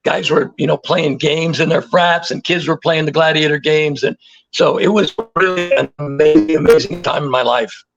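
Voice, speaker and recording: A man in his sixties, a guest telling stories in a casual interview, animated and repeating words for emphasis. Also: a little high, moderate pace, muffled recording, faint music behind. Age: 60s.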